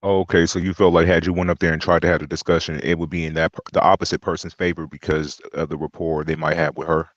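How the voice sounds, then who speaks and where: A man co-hosting a livestream, giving quick, laid-back reactions. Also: low voice, level tone, dry recording. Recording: dull lo-fi sound.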